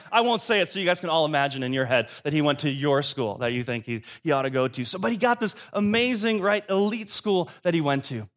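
A man preaching a sermon, retelling a parable as a modern story with acted dialogue and casual asides. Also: a little high. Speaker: pastor.

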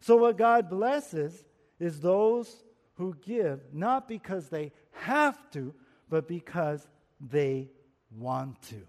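A man preaching a sermon, animated, laughing at his own jokes and slowing down to stress key words. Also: high-pitched. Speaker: pastor. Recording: long reverb of a large hall.

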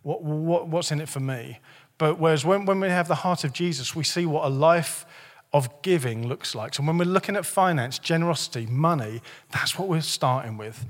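A male pastor preaching a sermon in a church, lively and joking in a conversational way, his voice a bit hoarse. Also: a little high, normal speed, big-room sound. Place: church hall.

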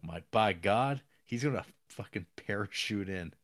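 Low-voiced man recapping a film casually. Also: expressive, measured pace. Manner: rambling recaps with acted-out quotes and laughs. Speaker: podcast co-host.

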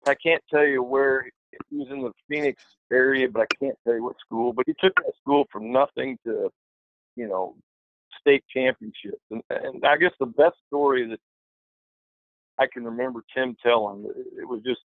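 A man telling a lively anecdote in a casual way, acting out the voices of the people in it. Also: medium pitch, moderate pace, gravelly. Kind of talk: casual storytelling. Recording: dry, phone-like line.

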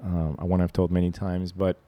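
A man's voice: deep voice, flat delivery, fairly quick, mellow, dry recording. A man chatting on a podcast in a studio, telling jokey stories. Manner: storytelling, jokey, slips into put-on voices. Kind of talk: casual chat. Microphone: studio mic.

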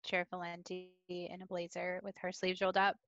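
A woman's voice: fairly low pitch, monotone, brisk, fairly bright tone, no echo, highs cut off. A woman co-hosting a podcast, chatting enthusiastically about a TV episode. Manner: enthusiastic, gushing. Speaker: podcast co-host. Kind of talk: casual TV recap chat.

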